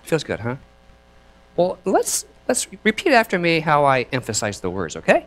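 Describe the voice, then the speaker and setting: A man preaching a sermon as minister, chatty and lively, laughing between thoughts and leading his congregation in repeating lines. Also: a little high, normal speed. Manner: leads the congregation in call and response.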